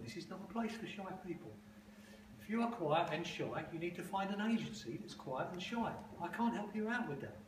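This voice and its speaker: Blunt, profane man speaking to a class. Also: high-pitched. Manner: blunt, profane, emphatic storytelling. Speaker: guest speaker to advertising students. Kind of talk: informal talk and Q&A. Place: room full of students. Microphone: phone recording from the audience. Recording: distant, echoey, noisy phone recording.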